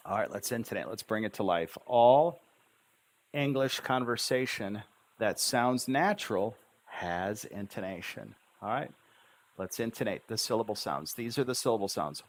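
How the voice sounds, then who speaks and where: Man, English tutor, low voice, lively pitch, slow careful pronunciation drills, repeats words syllable by syllable. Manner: models phrases with exaggerated, bouncing intonation. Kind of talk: slow, drawn-out pronunciation lesson.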